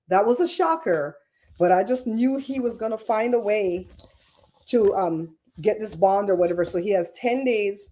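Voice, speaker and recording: Gossipy middle-aged lady running a live stream, animated, laughs a lot, mellow tone. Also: mid-range voice. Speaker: livestream host. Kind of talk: casual livestream chat.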